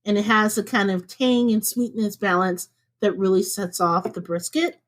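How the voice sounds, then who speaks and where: A chatty woman co-hosting a podcast from home, with a voice of middle pitch. She talks in a loose, easygoing way and breaks into laughter often, her voice jumping up high when something amuses her. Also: fairly even intonation, moderate pace. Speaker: podcast co-host. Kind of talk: casual podcast chat.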